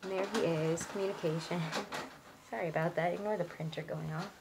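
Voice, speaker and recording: A young woman with a lowish voice chats her way through a tarot reading, reassuring her viewers and filling pauses with ums and likes. A faint hiss sits under the recording. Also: steady tone, creaky. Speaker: tarot reader.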